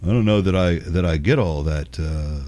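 A man's voice: deep voice, normal speed, warm tone, pitched below the performer's own voice, natural voice. A man voicing a dim young influencer fan who drawls and sounds confused. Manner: drawling, confused, ends lines with "bro".

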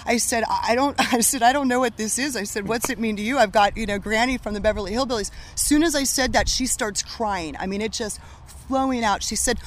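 A woman working as a medium, telling stories in an animated, casual conversation with frequent laughter. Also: a little high, a little fast.

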